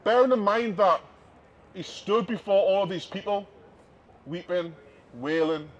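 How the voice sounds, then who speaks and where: A man preaches outdoors on a city street with a high, fervent voice and builds his points through repetition. The recording is dull and lo-fi, with faint noise of the street around him. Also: moderate pace. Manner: impassioned, repetitive preaching with rising emphasis. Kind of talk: open-air street sermon.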